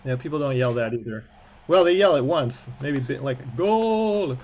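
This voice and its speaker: Over lo-fi sound, a man with a medium-pitched voice speaks at normal speed as he instructs an online class. He's a cantor teaching prayer book reading by video call, chatty and supportive with the occasional joke.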